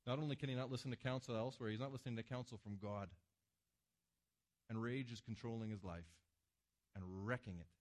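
A man preaching a sermon to a congregation, with emphatic swings between loud passages and hushed ones. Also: medium pitch, steady tone, quick pace. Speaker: pastor. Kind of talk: sermon with slides.

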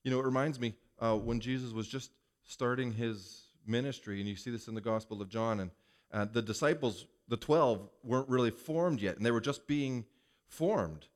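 A man's voice: mid-range voice, normal speed. A male pastor giving a conversational sermon, asking the congregation rhetorical questions.

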